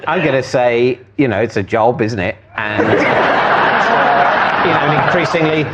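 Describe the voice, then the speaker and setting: A man's voice: mid-range voice, lively intonation, a little slow, lo-fi sound, over a noisy crowd, very noisy. A man, a team captain on a comedy panel show, with a wry, dry sense of humour. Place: TV studio with live audience. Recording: loud studio audience behind.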